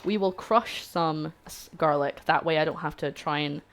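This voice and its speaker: A woman's voice: low voice, moderate pace. A woman with a British accent hosting a live cooking stream, chatting casually and poking fun at herself while she cooks. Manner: chatty, self-mocking, talks to chat while cooking. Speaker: cooking livestream host.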